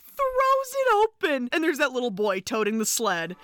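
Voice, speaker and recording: A woman co-hosting a casual podcast, retelling film scenes with animation. Her voice sits high and swings widely in pitch. The recording is close and dry with no room sound. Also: huge pitch swings, normal speed, fairly bright tone, no room sound, faint music behind. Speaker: podcast co-host. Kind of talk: casual chat recapping a film.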